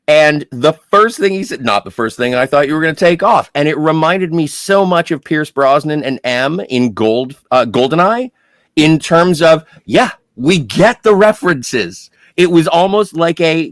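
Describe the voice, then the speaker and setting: A man co-hosting a podcast, jumping in with animated reactions and opinions in casual chat. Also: a little high, unhurried, dry recording, studio quality. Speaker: podcast co-host.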